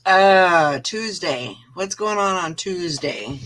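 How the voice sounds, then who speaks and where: A woman's voice: lowish voice, animated, takes it slowly, a bit bright, a little hiss or hum. A woman co-hosting a casual live-stream morning show, laughing easily and trailing off mid-sentence. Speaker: co-host of a reseller morning show.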